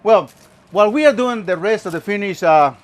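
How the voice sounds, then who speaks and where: A man's voice: high-pitched, animated, brisk. A man hosting a home cooking show, chatting playfully through each step. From Mexico. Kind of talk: casual cooking demonstration.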